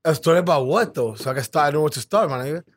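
A young New man co-hosting a podcast, needling his partner and ranting hard about sports. His voice sits fairly high for a man. He swears freely and talks in a casual, heated way. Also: lively intonation, very fast, breathy edge. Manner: teasing, profane, heated sports rants. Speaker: podcast co-host. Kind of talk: casual chat.

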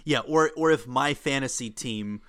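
A man co-hosting a casual podcast, joking in a deadpan way. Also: medium pitch, normal speed, background noise. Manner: jokey, deadpan bits. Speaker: podcast co-host.

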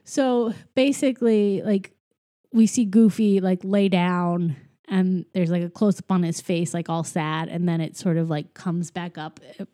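A woman with a mellow, rounded voice recaps a film in easy conversation. She acts out each character's quotes as she goes, and her talk is full of filler "likes.". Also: on the low side, unhurried. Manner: animated retelling, acts out quoted lines, frequent "like". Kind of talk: casual movie recap chat.

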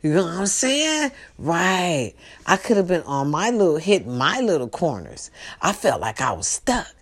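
Animated woman chatting to her viewers. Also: lowish voice, moderate pace. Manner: animated, swings between loud outbursts and hushed asides; tag questions, talks straight to her viewers. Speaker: host. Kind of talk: casual monologue to a live audience.

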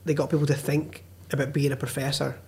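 Man, podcast guest, higher voice, sweary storyteller. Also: flat delivery, quick pace, a little mellow. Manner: swears freely, tells stories. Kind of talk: casual chat.

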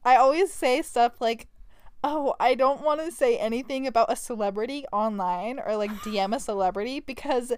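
Young woman, podcast co-host, smooth clear voice, dry close sound, hesitant, giggly. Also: on the high side, normal speed, darkish tone, no room sound. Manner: hesitant, self-conscious, laughs a lot. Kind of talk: casual chat.

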